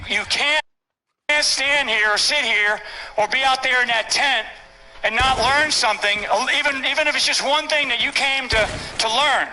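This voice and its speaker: A man's voice: very high voice, sharp tone, rough recording. An older man speaking from a stage at a public event, emphatic and repetitive, often tagging lines with "right?". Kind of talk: rally speech.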